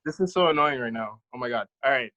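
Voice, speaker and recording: A man's voice: mid-range voice, expressive, fast, pushed and bright, lo-fi sound. A man in his thirties, a dance choreographer, giving an earnest, impassioned account as a panelist over a video call. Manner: earnest, impassioned, speaks from the heart.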